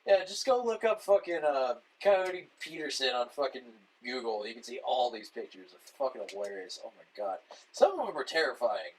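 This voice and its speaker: Male podcast host, animated and profane, lively pitch. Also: brisk, a little hiss or hum, low-quality recording. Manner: profane, excitable, exclaims often. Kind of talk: casual chat.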